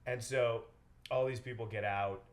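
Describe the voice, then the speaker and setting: A man's voice: mid-range voice, moderate pace. A young man, a real estate agent, telling stories in a casual interview and acting out the people in them. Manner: animated storyteller, acts out quotes.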